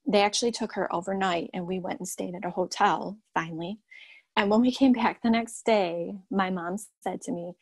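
Candid young mother, halting and dry. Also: mid-range voice, steady tone, dry recording. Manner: halting and candid, many pauses and fillers. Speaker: mother sharing her story. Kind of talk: personal testimony.

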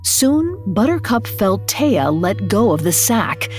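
A woman narrating a scripted fairy tale as a storyteller, expressive, rising on dramatic beats. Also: medium pitch, a little slow, faint music behind.

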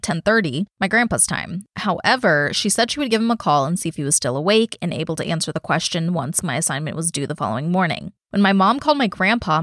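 A woman's voice: fairly low pitch, a bit bright, dry recording, studio quality. Blunt, swearing young woman podcaster. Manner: blunt, swears freely, interrupts her own reading with reactions. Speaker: podcast co-host. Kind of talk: casual chat, reading listener stories aloud.

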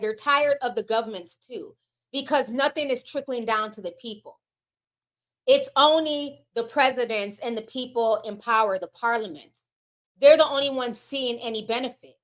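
A woman with a high, bright voice hosts a casual livestream. She reads out super chats and answers them in a sassy, animated way, swearing freely and talking straight to her viewers. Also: normal speed.

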